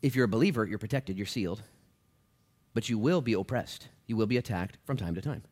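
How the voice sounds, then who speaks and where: A man preaching a sermon as a pastor in a church, talking to the congregation in a conversational way that drops low and quiet, then rises loud and emphatic. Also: lively intonation, brisk.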